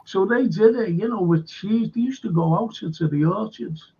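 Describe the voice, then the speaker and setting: A man with a Liverpool (Scouse) accent and a high, dark-toned, breathy voice talks at normal speed, rambling through local-history anecdotes in casual conversation packed with fillers and restarts. The sound quality is dull and lo-fi.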